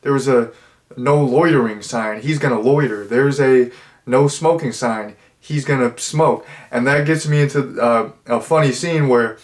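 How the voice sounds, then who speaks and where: A man talks through a movie review in a loose, rambling way. He circles back on himself, piles on fillers and restarts sentences as he goes. His voice sits at an ordinary middle pitch. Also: unhurried. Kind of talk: casual spoken movie review.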